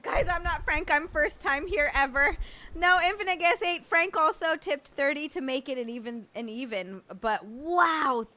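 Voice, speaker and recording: A young adult woman with a high-pitched, pushed and bright voice hosts a casual livestream at a moderate pace. Overwhelmed, she stammers, laughs and swears in happy disbelief while thanking her viewers.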